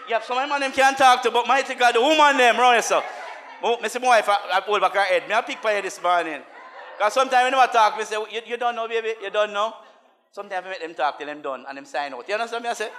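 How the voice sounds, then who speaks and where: A man preaching with a very high, piercing voice. He drops to soft asides, then rises into chanted, call-and-response shouts. His sharp, bright tone cuts through every line. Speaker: minister. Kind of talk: sermon.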